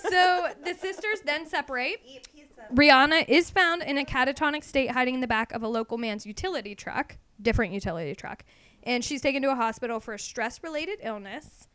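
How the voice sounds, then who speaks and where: A woman hosting a casual podcast, telling a true crime story with frequent laughter and an animated manner. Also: high-pitched, fairly quick, clean tone. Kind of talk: casual chat.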